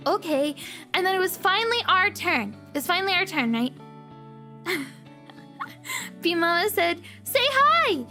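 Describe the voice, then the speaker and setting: A woman's voice: high voice, bright, forceful tone. A young woman streamer chatting casually and telling a story in a bubbly, giggly way. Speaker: variety streamer.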